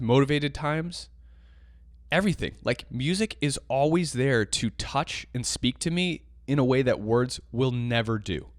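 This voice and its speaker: In a dry, studio-quality recording, a man with a medium-pitched voice hosts a podcast. He speaks with impassioned emphasis about teaching jazz piano, ranting in circles and repeating points.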